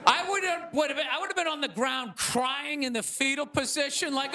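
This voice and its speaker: A man hosting a talk show who opens with a ranting, sarcastic stand-up monologue on stage before a live audience. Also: very high-pitched. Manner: ranting, sarcastic, rapid asides. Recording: noisy room with loud crowd.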